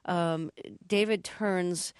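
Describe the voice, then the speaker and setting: Lowish-voiced woman interviewer. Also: steady tone, extremely slow, darkish tone, smooth, no echo, clean studio sound. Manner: curious, laughs easily. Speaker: interviewer, host. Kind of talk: radio-style interview.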